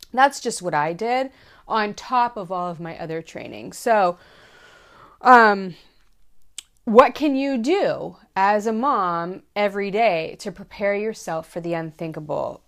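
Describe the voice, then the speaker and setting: A woman in her thirties giving safety advice to other moms in a casual, earnest way, repeating her key points for emphasis. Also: lowish voice. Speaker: mom vlogger giving safety tips. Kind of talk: casual direct-to-camera advice.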